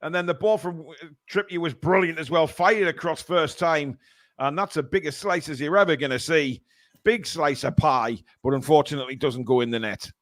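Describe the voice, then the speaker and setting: A man hosting live fan commentary of a football match, calling the play-by-play and bursting into shouts at big chances. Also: fairly high pitch, normal speed.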